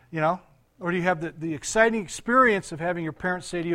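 A man's voice: high-pitched, fast talker, a bit bright. An older man, a pastor, giving a conversational sermon, laughing often and quizzing his congregation.

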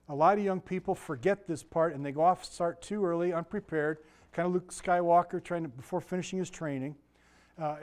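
An older man giving an informal sermon as a pastor, rambling and digressive with frequent restarts and asides. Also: on the high side.

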